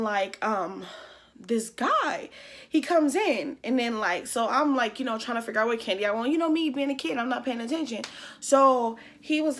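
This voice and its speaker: A young adult woman chatting to her viewers in a loose, casual story-time vlog. She swears freely and fills her talk with "like" and "um". Her voice sits a little high for a woman. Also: fairly bright tone. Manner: chatty, profane, with many fillers. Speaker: YouTuber.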